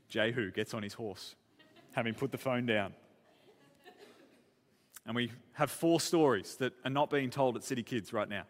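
A man's voice: mid-range voice, normal speed, pauses often. A man preaching a sermon, retelling a story with casual asides and repeated words. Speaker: pastor. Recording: long church-hall reverb.

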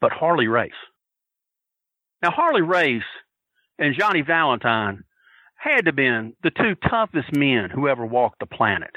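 A man telling a story on a podcast, loud and profane, acting out the shouts of the crowd with laughter. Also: mid-range voice, very animated, a little slow, pauses often, no echo, phone-quality sound. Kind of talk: animated storytelling.

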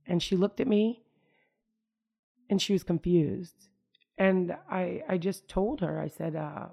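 A woman's voice: fairly low pitch, slow pace, creaky, husky, muffled recording. A middle-aged woman from the United States, telling a personal story in a conversational way, full of "like" and "you know". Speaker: storyteller recounting family life.

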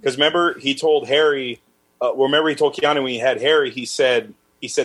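A man's voice: medium pitch, steady tone, brisk, a bit bright, poor audio. A man co-hosting a casual movie podcast, asking questions and picking apart plot holes.

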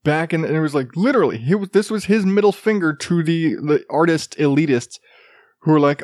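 A man's voice: on the high side, brisk, a little mellow, no room sound, clean studio sound. A middle-aged man hosting a show, ranting crudely in casual monologue and laughing at his own jokes. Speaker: podcast host.

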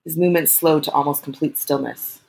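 A woman reading an erotic story aloud in a calm, steady narration. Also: sits low, fairly quick, vocal fry, low-quality recording.

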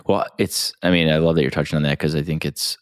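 A man with an extremely deep voice hosts a podcast, encouraging and affirming as he talks. The recording is dry and close, with no room around him. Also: fairly even intonation, quick pace, clear, resonant tone, no echo. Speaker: podcast host. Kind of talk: casual interview.

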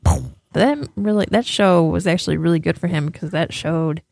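A woman co-hosting a podcast, telling stories in a chatty, animated way. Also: on the low side, moderate pace, gravelly, no echo, clean studio sound. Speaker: podcast co-host. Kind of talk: casual chat.

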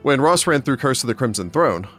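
A man who runs tabletop campaigns, talking in a measured, deliberate way with his group. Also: mid-range voice, sing-song, fairly bright tone, soft background music. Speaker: game master. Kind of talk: casual group chat.

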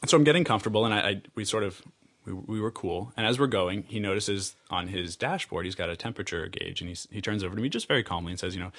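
An American man telling a personal travel story out loud, rambling and animated, often laughing and restarting his phrases. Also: on the low side, fast talker. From United States. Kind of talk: personal story told aloud.

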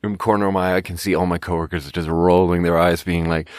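A man's voice: low-pitched, steady tone, quick pace, hardly any pauses, dry recording, clean studio sound. A man from Sweden, hosting a podcast as a casual solo monologue, rambling and self-conscious, often laughing between thoughts. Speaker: podcast host.

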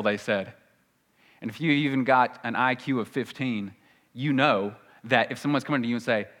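A man preaching a sermon with a Southern US accent. He talks earnestly and conversationally, and his pitch jumps up when he acts out quoted voices. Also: lively intonation, normal speed, long pauses, a bit bright. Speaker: pastor.

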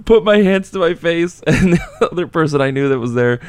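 A man's voice: fairly high pitch, animated, brisk, clear, resonant tone, no room sound. A young man hosting a podcast, telling a story in casual chat and acting out the voices of people he quotes. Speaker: podcast host.

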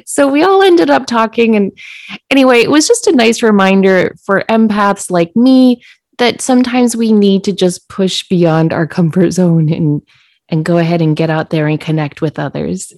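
A woman podcast co-host telling a story in casual chat, acting out quoted lines in a higher voice. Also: normal speed, darkish tone, no room sound.

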